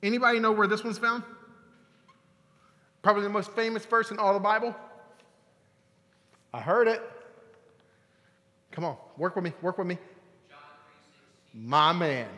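A man in his thirties preaching a lively sermon, playful and talking straight to the room with bursts of excitement. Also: high voice, big-room sound. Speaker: youth pastor. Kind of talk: lively sermon to a young crowd. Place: large church hall.

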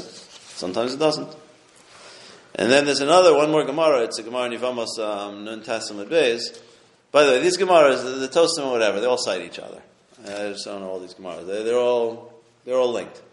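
A man's voice: medium pitch, echoey room. A man giving a casual Talmud lesson, translating the Aramaic as he goes and often checking in with "okay?" and "right?". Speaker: Torah teacher.

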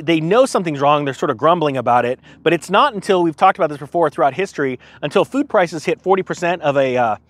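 A chatty man hosts a casual morning vlog, reading viewer comments and reacting with self-deprecating asides. His voice sits a bit high for a man. The sound is dry and close, with no room in it. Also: dry recording. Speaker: vlogger host. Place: outdoors at sunrise.

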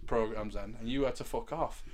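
A man's voice: medium pitch, brisk. A man who co-hosts a podcast. He chats in a laid-back way and swears while reminiscing. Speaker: podcast co-host. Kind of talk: casual chat.

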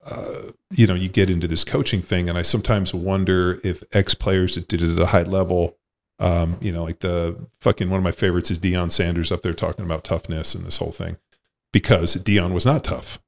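A man with a very low voice hosts a podcast in loose, casual conversation. He speaks bluntly, swears a lot and wanders through his points with plenty of restarts. His tone is that of a former player telling it straight. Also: level tone, brisk, vocal fry. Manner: blunt, profane, rambling.

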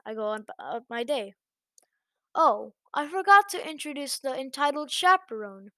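A woman with a high, bright voice reads an online story aloud in a lively, chatty way. She narrates as a host and slips easily into little asides to her listeners. The sound is close and dry, with no room around it. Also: dry recording.

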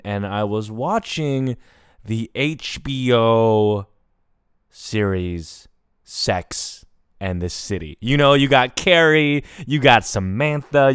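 Animated, profane man with a crisp voice. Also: mid-range voice, slow, no room sound, clean studio sound. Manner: animated, profane, prone to tangents. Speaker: podcast host. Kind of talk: solo comedic storytelling.

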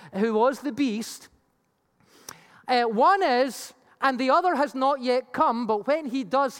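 A preacher giving an animated Bible teaching sermon with slides, acting out the voices it quotes. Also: medium pitch. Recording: long reverb of a large hall.

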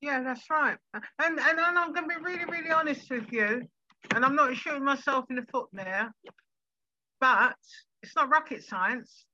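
A woman's voice: sits high, normal speed, bright, forceful tone, dry recording, dull audio. A woman funeral director speaking as an interview guest, frank and emphatic, often telling stories. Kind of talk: interview conversation.

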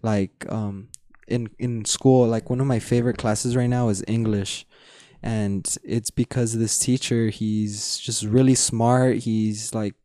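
A man's voice: medium pitch, warm tone, no room sound, clean studio sound. A young man co-hosting a podcast, chatting casually and rambling with fillers, restarts and frequent laughs. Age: young adult. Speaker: podcast co-host. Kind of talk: casual chat.

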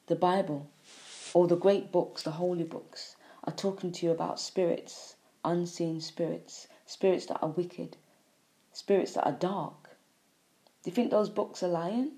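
A woman with a lowish, mellow voice giving a spiritual monologue. She preaches in repeated phrases, dropping to near-whispers and then pushing out loud emphatic lines. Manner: repetitive, preachy, with sighs and emphatic swings in loudness. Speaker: spiritual speaker.

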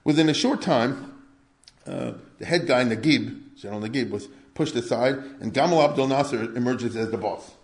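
Older man, history lecture, conversational, rhetorical questions, middle pitch, echoey room. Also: moderate pace, creaky.

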